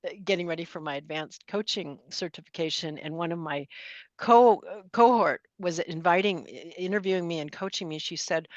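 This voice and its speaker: Low-voiced reflective woman in her 60s. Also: dry recording, highs cut off. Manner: measured, reflective, spiritual. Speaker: guest astrologer. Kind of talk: podcast interview.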